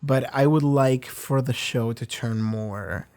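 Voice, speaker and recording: A man's voice: medium pitch, slow, a little mellow. A man hosting a reaction video, rambling candidly through an episode review, with casual swearing and frequent restarts.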